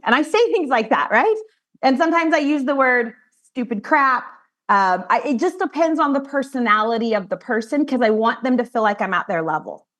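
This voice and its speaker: A woman and financial advisor teaching colleagues how she runs client meetings, talking directly and acting out what she says to clients. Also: a little high. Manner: animated, direct, acts out client conversations. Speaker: financial advisor training peers. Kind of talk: training talk to colleagues.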